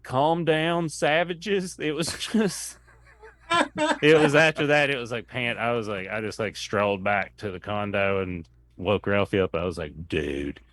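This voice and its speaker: A comedian telling a long rambling anecdote in casual chat, acting out what people said. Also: male voice, on the low side, moderate pace, a bit bright. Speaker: comedian guest.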